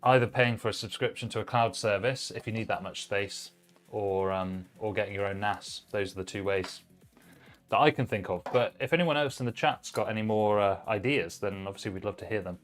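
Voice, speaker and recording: A man's voice: on the low side, brisk, faint music behind. A man hosting a live stream, chatting casually with viewers while building a PC. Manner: chatty, relaxed, reads chat messages aloud while working. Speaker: livestream host building a PC.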